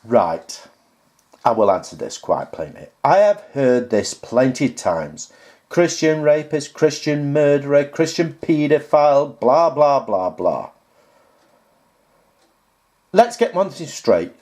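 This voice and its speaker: A man's voice: medium pitch, expressive, slow, darkish tone. A man talking to camera as a YouTuber, reading viewer comments aloud and rebutting them point by point in a sarcastic, exasperated way. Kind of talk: casual talk to camera.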